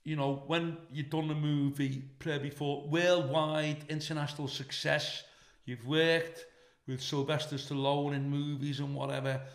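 Speaking a little slowly and hardly pausing, a middle-aged Liverpool man with a Scouse accent tells stories as a guest comedian in casual chat. His voice is on the high side, he swears freely, and he gets animated when quoting people.

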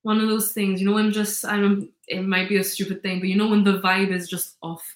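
With a medium-pitched, level voice at a fairly quick pace, she sounds reverberant. The woman, in her 20s and from Gibraltar, is a chatty, upbeat guest in a casual interview who keeps saying "like" and "you know".

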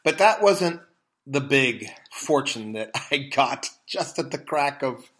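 A man's voice: mid-range voice, expressive, slow pace, fairly bright tone. A man co-hosting a podcast, telling stories in casual chat with many restarts. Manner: rambling storyteller with many restarts. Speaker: podcast co-host.

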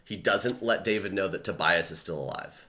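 A man's voice: sits low, moderate pace. A man hosting a podcast, casually recapping a book's plot with lots of "like" and swearing. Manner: relaxed storytelling, peppered with "like" and swearing. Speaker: podcast host. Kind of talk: casual book recap chat.

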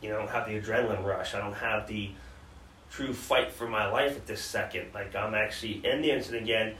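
A man co-hosting a podcast talks a little fast in a fairly low, steady, slightly bright voice while earnestly recounting hard memories and frequently restarting. A distant mic yields roomy sound and faint background noise.

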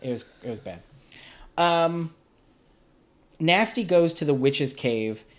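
Male podcast host, mid-pitched, lively, sarcastic film reviewer. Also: slow. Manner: sarcastic, exasperated. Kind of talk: casual film review chat.

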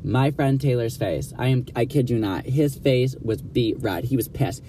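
A young adult man at a medium pitch tells a story casually. He is blunt, gossipy and full of swearing, and he slips into other people's lines as he talks. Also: normal speed, mellow, a little hiss or hum. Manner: blunt, profane, gossipy, acts out quoted dialogue.

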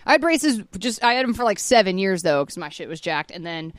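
A woman's voice: medium pitch, no room sound. A woman in her thirties hosting a podcast, chatting casually and animatedly about a TV episode, swearing freely. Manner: animated, swearing, quick laughs. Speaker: podcast host. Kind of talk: casual chat recapping a TV episode.

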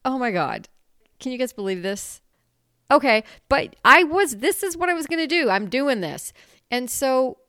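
Woman, podcast host, casual solo monologue, candid, animated, smooth voice, dry room. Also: medium pitch, dry recording. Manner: candid, animated, laughs often and swears.

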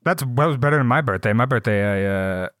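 A man's voice: medium pitch, animated, fairly quick, a bit bright, no room sound. A man co-hosting a podcast in casual chat, telling stories in a laid-back way with dry humor. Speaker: podcast co-host.

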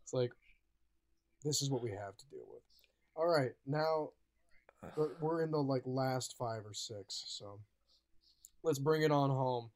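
A young man in casual podcast chat, rambling with lots of profanity. His voice sits at a middle pitch and jumps up when he gets worked up. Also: unhurried, long pauses. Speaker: podcast co-host.

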